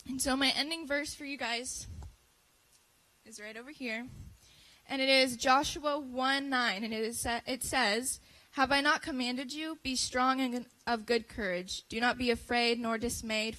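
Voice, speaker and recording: Teen girl, high bright voice, earnest church testimony. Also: fairly even intonation, normal speed, poor audio. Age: teens. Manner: earnest, building to impassioned. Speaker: youth speaker giving a testimony. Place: church service.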